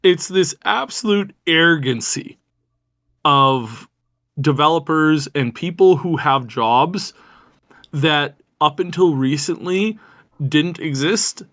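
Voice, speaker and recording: On a gaming news podcast, this co-host talks slowly in an animated, fairly bright voice on the high side. His casual talk rambles with frequent restarts and rising indignation.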